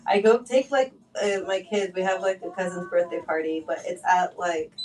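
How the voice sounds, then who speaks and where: A woman casually telling animated, rambling stories and laughing through them, her speech full of "like.". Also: lowish voice, moderate pace, distant mic, a little hiss or hum, poor audio. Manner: animated storyteller, lots of "like" and laughing asides. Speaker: client chatting during tattoo. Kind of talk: casual chat, storytelling.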